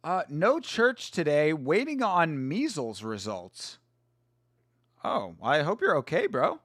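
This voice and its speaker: A man's voice: a little high, huge pitch swings, slow, a bit bright, dry recording, studio quality. A young man hosting a live fight watch-along stream, chatting casually, swearing and greeting viewers by name.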